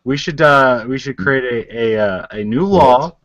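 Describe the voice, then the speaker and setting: Giggly, chatty podcast co-host. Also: male voice, medium pitch, lively intonation, unhurried, a bit bright, no echo. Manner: giggly, chatty, filler-heavy explaining. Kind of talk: casual podcast banter.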